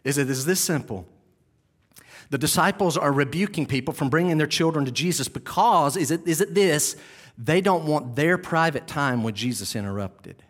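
A man preaching a sermon as pastor, animated, acting out scenes and dropping to quiet asides. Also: a little high, normal speed. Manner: animated, acts out shouting disciples, drops to near-whisper asides.

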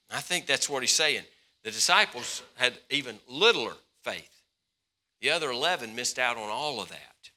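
A man preaching a sermon as pastor, swinging between loud, passionate stretches and hushed, slower ones. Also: mid-range voice, big pitch swings.

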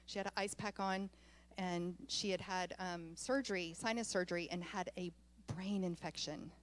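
A woman pastor preaching a sermon, telling a personal story in an animated way and laughing often as she goes. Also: fairly low pitch, normal speed.

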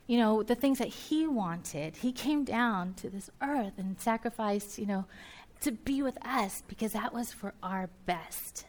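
A woman with a Southern US accent delivers a sermon conversationally, tossing in joking asides while her listeners react out loud. Her voice is medium-pitched.

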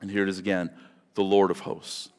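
A man's voice: sits low, level tone, brisk, clear, resonant tone. A male pastor delivering a sermon in a conversational, digressive way with dramatic emphasis. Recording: long reverb of a large hall.

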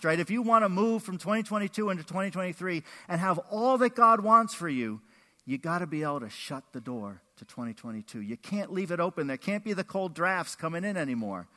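High, bright-voiced man preaching in a hall. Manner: animated, acts out quotes with big pitch swings. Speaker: pastor. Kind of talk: sermon. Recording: echoey hall with long reverb.

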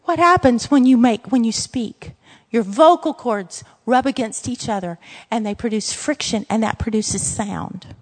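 Earnest, high-voiced Louisiana woman teaching a Bible lesson; emphatic, with asides; long hall reverb. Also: measured pace.

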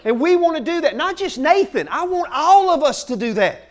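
A male pastor preaches at full energy. His voice sits very high, and he keeps peppering his lines with casual fillers. He often builds into loud, shouted rallying bursts. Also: moderate pace. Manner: excitable, shouting bursts, folksy "man" fillers. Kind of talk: energetic sermon.

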